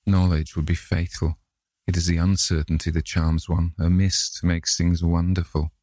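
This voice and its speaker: A man voicing a languid, witty aristocratic gentleman who drawls out cynical remarks. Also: sits low, flat delivery, moderate pace, dry recording, clean studio sound. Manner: drawling, epigrammatic. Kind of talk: audiobook character reading.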